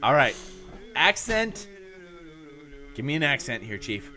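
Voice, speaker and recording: A young man co-hosting a trivia segment, voice swinging wildly high and low as he slips into joke accents. His tone is bright and his delivery is unhurried, with frequent laughter breaking through. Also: very animated. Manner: goofy, slipping in and out of mock accents, laughing. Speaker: podcast co-host. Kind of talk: comedic trivia quiz with put-on accents.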